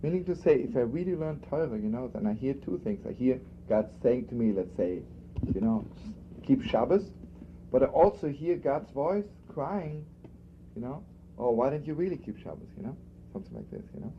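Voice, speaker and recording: A rabbi giving an informal spoken lesson, talking conversationally and repeating himself for emphasis. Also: male voice, medium pitch, very animated, brisk. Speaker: rabbi teaching a class. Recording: dull lo-fi archival recording with faint background noise.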